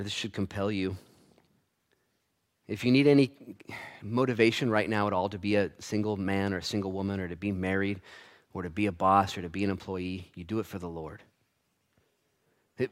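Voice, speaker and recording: A pastor with a lowish voice preaches a sermon to his church congregation. He swings between loud, rising calls and hushed asides, mixing in playful humor.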